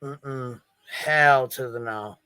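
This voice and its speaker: A man's voice: medium pitch, extremely slow, pushed and bright, clear, resonant tone, dry recording. Indignant, profane man commentator. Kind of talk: reaction commentary.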